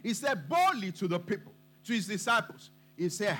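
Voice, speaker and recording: A man's voice: high-pitched, sing-song, normal speed, sharp tone. A man preaching a sermon to his congregation, emphatic and repeating his points for weight.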